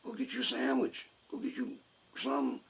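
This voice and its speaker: A man's voice: extremely high pitch, expressive, brisk, creaky, a bit bright, husky, rough recording. A man telling a comic story in a rambling, folksy, repetitive way. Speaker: vlogger.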